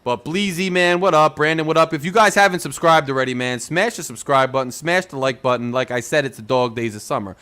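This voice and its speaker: A young man hosting a sports podcast, ranting in excited fan chat full of rhetorical questions and "like". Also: a little high, brisk, few pauses, smooth. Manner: animated, ranting, rhetorical questions, says "like" a lot. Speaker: podcast host.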